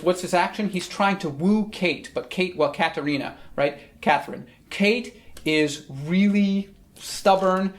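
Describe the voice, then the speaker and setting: Friendly teacher walking through a text, keeps asking okay?. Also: mid-range voice. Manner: friendly, explains with frequent "okay?" checks. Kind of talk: recorded lesson on Shakespeare's language.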